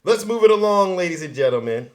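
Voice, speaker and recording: Guy running a political livestream, loud and mocking, bit high voice, keeps repeating himself. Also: big pitch swings, quick pace. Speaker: livestream host.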